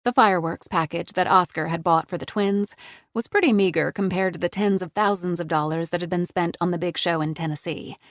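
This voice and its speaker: A woman's voice: fairly low pitch, brisk, no echo, studio quality. A woman narrating an audiobook in a scripted reading style.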